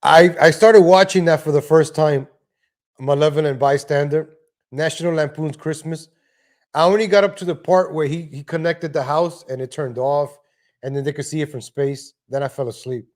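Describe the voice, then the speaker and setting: Man, livestream host, casual rant, rambling, slightly high voice, home desk mic. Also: steady tone, normal speed, a little mellow. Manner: rambling, frequent restarts and asides. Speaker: live stream host. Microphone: home desk microphone.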